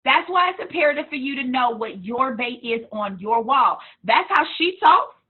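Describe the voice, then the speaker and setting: Blunt high-pitched woman coach, tinny sound. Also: moderate pace, breathy edge. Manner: blunt, animated, laughs and hollers. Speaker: business coach. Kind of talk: motivational talk on retail and social media.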